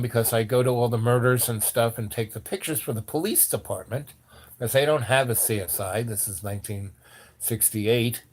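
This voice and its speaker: Older man, casual storyteller, rambling, animated quoted voices. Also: medium pitch. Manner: rambling with restarts.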